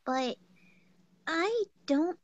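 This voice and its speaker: A woman chatting casually on a livestream, starting her sentences in halting repeats. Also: extremely high pitch, expressive, lo-fi sound. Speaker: livestream participant. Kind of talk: casual group chat.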